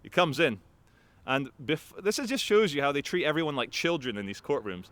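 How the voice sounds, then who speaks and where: A man telling a story to camera in an animated, profane, rambling way. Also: fairly high pitch, brisk, no room sound. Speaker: activist vlogger.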